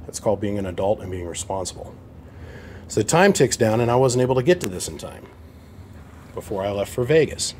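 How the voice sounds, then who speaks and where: A man's voice: on the low side, expressive, brisk, darkish tone, a little hiss or hum. A man running a repair shop, telling a casual story to camera in an aggrieved, blunt way. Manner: aggrieved, blunt, acts out both sides of phone calls. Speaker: amp repair shop owner.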